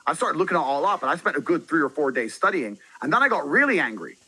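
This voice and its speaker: Fast-talking brash, boastful man. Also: a little high, breathy edge, rough recording. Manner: brash and boastful, heavy swearing; animated, jumps into loud excited bursts. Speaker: podcast guest. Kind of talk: casual storytelling.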